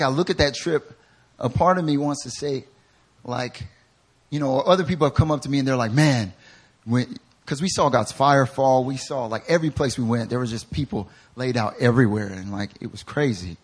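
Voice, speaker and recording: A man preaching a sermon, moving between quiet, joking storytelling and loud, fervent shouting, acting out quoted people with humor. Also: mid-range voice, moderate pace, husky. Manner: acts out quoted voices with humor. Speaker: pastor.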